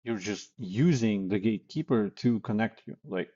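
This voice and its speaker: A man's voice: on the low side, moderate pace, few pauses, dark tone, breathy edge, muffled recording. A man coaching on sales calls in a blunt, casual way, with many fillers and acted example lines. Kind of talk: casual instructional talk.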